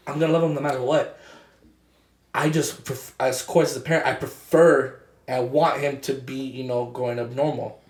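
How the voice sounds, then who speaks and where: A young man talking in casual chat as a podcast co-host, halting and full of fillers and restarts. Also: mid-range voice, steady tone, roomy sound.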